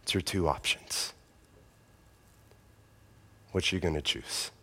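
A man's voice: low-pitched, slow, fairly bright tone, breathy edge, in a large hall. A man preaching a sermon as pastor, earnest and emphatic.

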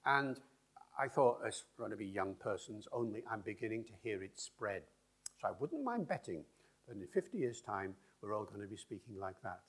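A man's voice: fairly low pitch, sing-song, normal speed, breathy edge. A man giving a public lecture on language, acting out speech rhythms as he talks. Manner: demonstrates speech rhythms aloud.

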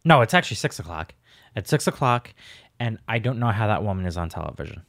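A man's voice: fairly low pitch, very animated, quick pace, creaky, a bit bright, no echo, clean studio sound. A man co-hosting a podcast, chatting casually in a blunt, joking way. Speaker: podcast co-host. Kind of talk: casual chat.

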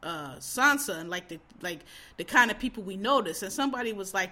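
A woman host ranting in a casual, profane, exasperated way, swinging between loud outbursts and low muttering. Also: expressive, a little fast. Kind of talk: casual opinion rant.

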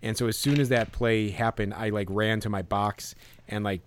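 A man co-hosting a podcast, chatting casually with lots of fillers and animated retelling. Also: fairly low pitch, moderate pace, slight background noise. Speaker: podcast co-host. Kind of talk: casual chat.

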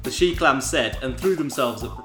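A man's voice: mid-range voice, expressive, moderate pace, bright, forceful tone, reverberant, faint music behind. A man co-hosting a comedy show, reading a fan fiction aloud with joking asides and frequent laughter. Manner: laughs often, jokey asides. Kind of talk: comedic dramatic reading with banter.

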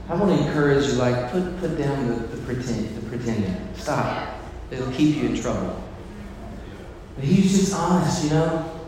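A man preaching a sermon as pastor. He moves between emphatic preaching and soft, personal storytelling. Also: medium pitch, animated, normal speed, a little hiss or hum. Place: church sanctuary. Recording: echoey hall, faint ambience.

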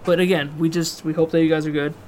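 A man's voice: a little high, little pitch movement, fast talker, a little mellow, a little hiss or hum. A man co-hosting a podcast, chatting casually, teasing and swearing as he signs off. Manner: joking, crude, teasing. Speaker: podcast co-host.

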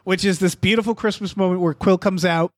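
A man co-hosting a casual podcast chat, talking in an animated, profane way and acting out quotes. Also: high voice, a little fast, no echo, studio quality. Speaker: podcast co-host.

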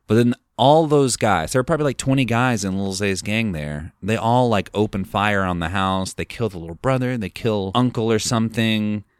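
A man's voice: lowish voice, normal speed, hardly any pauses, clear, resonant tone, no room sound, studio quality. A man hosting a film podcast, recounting a movie plot in a rambling, casual way full of fillers. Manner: rambling, filler-heavy retelling. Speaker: podcast host.

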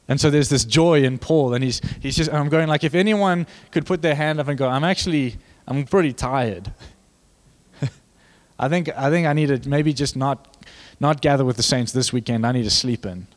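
A young man preaching a sermon, animated and joking with the congregation, building to fervent emphasis. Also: mid-range voice, normal speed. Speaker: pastor.

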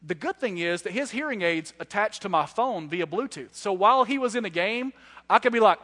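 A man in his thirties, a guest preacher delivering a sermon with animated storytelling and self-deprecating humor. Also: high-pitched, brisk. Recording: echoey hall.

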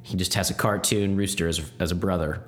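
Guy chatting on a podcast, lowish voice, laid back and laughs a lot. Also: fairly quick. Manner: relaxed, chatty, laughs easily. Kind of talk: casual chat.

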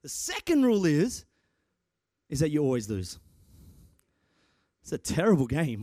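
A young man delivering a church sermon, his voice sitting a little high for a man. He talks in an animated, excitable way, tripping over restarts and rising into shouts. The sound is close and dry. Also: measured pace, pauses often, no echo. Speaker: preacher and church guitarist.

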